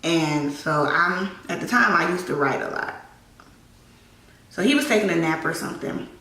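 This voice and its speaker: A woman vlogger telling a personal story in a get-ready-with-me video, talking in a raw, halting way and often repeating herself. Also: on the low side, lively intonation, pushed and bright. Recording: echoey room, mic at a distance.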